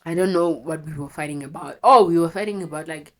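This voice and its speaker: Tearful low-voiced young woman. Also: quick pace, a bit bright. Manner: raw, emotional, swears freely, rambling self-corrections. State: teary, runny nose from crying. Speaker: storytelling vlogger. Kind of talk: candid personal storytime.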